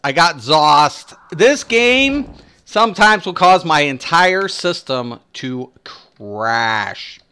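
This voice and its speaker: A man's voice: fairly high pitch, big pitch swings, very slow, bright, forceful tone, slight background noise. A man giving casual, rambling gameplay commentary, swearing and complaining as he plays. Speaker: gaming streamer.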